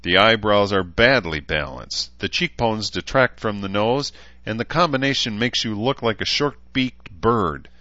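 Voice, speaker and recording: A man's voice: lowish voice, expressive, measured pace, bright, forceful tone, dry recording, muffled recording, voice pushed up. A man voicing a stern, coldly professional mother, clipped and disapproving.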